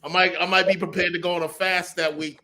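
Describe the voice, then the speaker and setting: A man's voice: high-pitched, little pitch movement, fast, bright, forceful tone. A man in casual chat, joking, defiant and profane.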